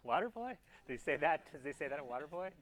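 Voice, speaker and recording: Speaking very fast in a voice on the high side and a bit bright, a male anatomy instructor gives a relaxed classroom lecture. He frequently restarts phrases partway through and points out structures on the slides as he goes.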